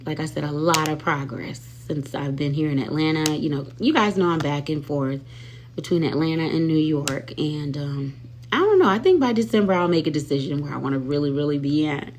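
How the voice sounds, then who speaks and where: A woman's voice: deep voice, a little fast, darkish tone, slight background noise. A woman hosting a casual livestream, chatty and sassy, who often calls her viewers y'all and honey. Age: adult with children. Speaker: livestream host. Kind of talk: casual live-stream chat.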